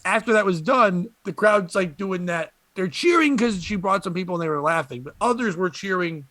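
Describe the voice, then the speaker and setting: A man hosting a comedy podcast, telling stories in an animated way and laughing often. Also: high-pitched, normal speed, dry recording. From Connecticut. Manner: animated storytelling with frequent laughter. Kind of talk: casual comedy podcast chat.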